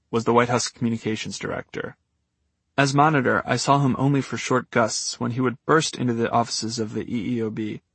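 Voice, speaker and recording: Husky guy narrating his memoir audiobook, wry and deadpan, super dry booth sound. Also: mid-range voice, dry recording.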